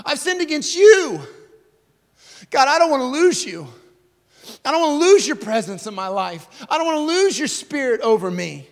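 A man preaching while acting out a repentant king who pleads in a high, strained voice. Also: very animated, normal speed, full character voice. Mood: pleading. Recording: long reverb of a large hall.

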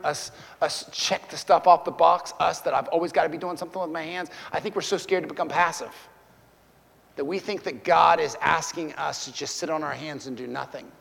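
A man's voice: on the high side, vocal fry, a bit bright, slightly rough, big-room sound. A man preaching a sermon as pastor, talking conversationally and putting questions to his congregation.

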